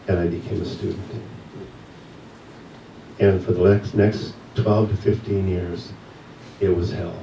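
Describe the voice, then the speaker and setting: A guest speaker at a church service, a man with a fairly low, slightly mellow voice, shares an earnest, reflective personal testimony from the pulpit. He's recorded from a distance in the echoey sanctuary, so his voice rings around the large room over a faint hiss, and the audio is poor.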